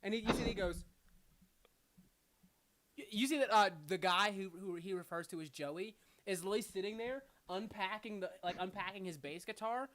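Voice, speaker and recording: A woman running a tabletop role-playing game as game master, narrating casually, laughing often and slipping into quick voices for side characters. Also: mid-range voice, fairly bright tone.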